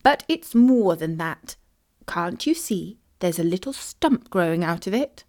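A woman voicing a calm, wise older great-aunt in a storybook, speaking gently and knowingly. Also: lowish voice, a little slow. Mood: calm explaining.

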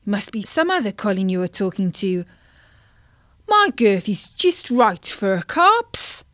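A woman's voice: mid-range voice, very animated, a little slow, fairly bright tone, dry recording, studio quality. A woman voicing a grumpy, pompous male carp who is big and vain, talking in a huffy, self-important way. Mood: indignant.

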